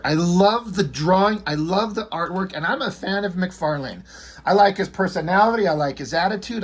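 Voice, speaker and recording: A man's voice: sits high, animated, normal speed, slightly rough. A man reviewing a comic book in a casual vlog, ranting with profane exasperation.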